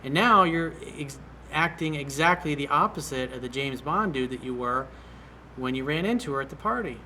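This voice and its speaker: A man's voice: medium pitch, lively intonation, normal speed, bright, forceful tone, a little hiss or hum. A man working as a dating coach, reading out and answering a viewer's email in a blunt, direct way.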